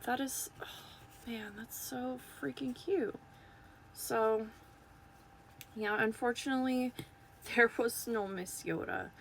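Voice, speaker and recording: A woman chatting casually to viewers while unboxing toys, gushing and excitable, recorded on a phone. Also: a little high, takes it slowly, long pauses, slight background noise.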